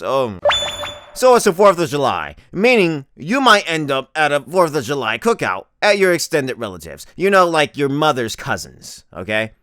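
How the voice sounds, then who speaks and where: A man's voice: a little high, bright, forceful tone, no echo, studio quality. A young man in his twenties doing a crude, exasperated comedic rant as a vlogger.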